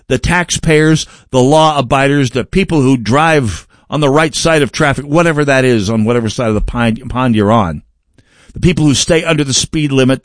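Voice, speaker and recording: A man's voice: mid-range voice, dry recording, studio quality. A man hosting a broadcast, delivering a political commentary monologue with emphatic delivery, wry asides and frequent restarts. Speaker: broadcast host.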